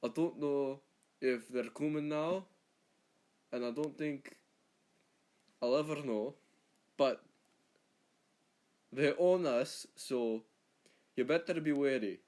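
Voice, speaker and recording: A man's voice: medium pitch, takes it slowly, long pauses, natural voice. A man doing a put-on Scottish accent, playing a blustering hostile Scotsman who rants and stumbles over his words. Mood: ranting. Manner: shouty, rambling, ranting. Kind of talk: comedic accent impression.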